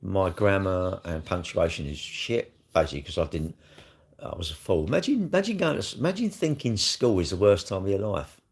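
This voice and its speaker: A middle-aged man with a South East London accent talks on a live stream in a very deep voice with a gravelly edge. He rambles along bluntly, swearing freely as he chats. The talk is casual and unscripted. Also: expressive, moderate pace.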